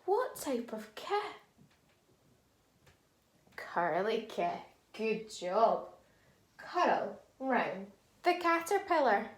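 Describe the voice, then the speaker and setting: A woman teacher leading a phonics lesson for young children, sounding out words slowly and clearly. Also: a little high, very animated, echoey room. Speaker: primary school teacher.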